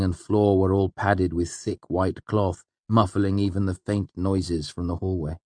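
A man reading a novel aloud as narrator, in a measured, even storytelling manner. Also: deep voice, no room sound. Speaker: audiobook narrator. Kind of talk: scripted narration.

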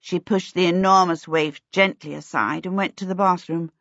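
Brief: woman audiobook narrator, measured and expressive, dry booth sound. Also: on the low side, no echo. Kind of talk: scripted storybook narration. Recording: dry, slightly dull recording.

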